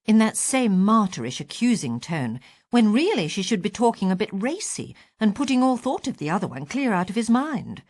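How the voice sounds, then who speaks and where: A woman reading a first-person short story aloud with a wry, expressive delivery. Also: medium pitch, moderate pace, dry recording. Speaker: audiobook reader.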